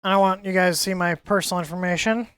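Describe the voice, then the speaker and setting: A woman's voice: lowish voice, fairly even intonation, quick pace, a bit bright, clean tone, no echo, clean studio sound. A woman hosting a live stream, chatting casually and ranting in exasperation, often stumbling and repeating words.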